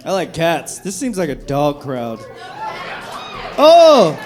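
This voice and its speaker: High-voiced man doing profane stand-up. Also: animated, moderate pace, a crowd in the background, noisy background. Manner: profane, rambling, laughs at own jokes. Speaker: stand-up comedian. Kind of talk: stand-up comedy set. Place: comedy club stage. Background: audience laughter.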